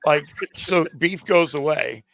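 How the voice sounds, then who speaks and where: A man on a movie-review podcast retells scenes with quick quoted bits, his gravelly voice sitting a little high. His tone is bright and forceful, and the sound is dry and close. His pitch moves in a lively way as he recaps. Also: no room sound. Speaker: guest reviewer. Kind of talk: casual movie-review chat.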